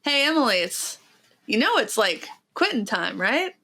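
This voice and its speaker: Nasal pet cat voiced by a woman, female, nagging, slightly high voice. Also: big pitch swings, moderate pace, pushed and bright, exaggerated voice. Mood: coaxing.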